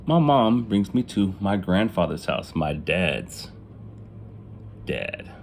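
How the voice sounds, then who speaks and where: Casting note: man with a lowish voice, candid confessional vlog storytelling, faint room ambience behind. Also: big pitch swings, slow pace, gravelly, a little hiss or hum. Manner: casual, profane, laughs at his own jokes; acts out family members in quoted lines. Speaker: vlogger telling his life story. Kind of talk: casual storytelling.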